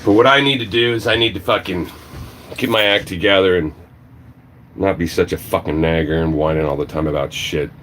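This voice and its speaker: A man ranting on a livestream, swearing a lot and swinging between shouting and low muttering. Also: steady tone, brisk, a little hiss or hum. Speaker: livestream vlogger. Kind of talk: angry profane rant.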